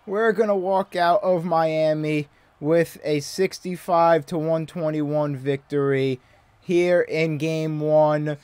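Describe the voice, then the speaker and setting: Young male gaming host, fairly high voice, dry close mic, loose running commentary that swings from flat mutters to sudden yelps. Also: takes it slowly, clear, resonant tone, no room sound. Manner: chatty, shifts from flat mutters to excited yelps. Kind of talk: casual live game commentary.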